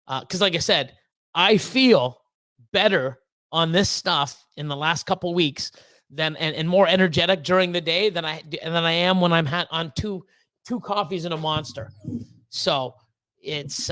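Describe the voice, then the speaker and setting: A man's voice: fairly high pitch, sharp tone, no room sound. A man hosting a casual livestream, talking in a rambling way full of fillers, restarts and swearing, and reading out chat messages. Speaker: livestream host.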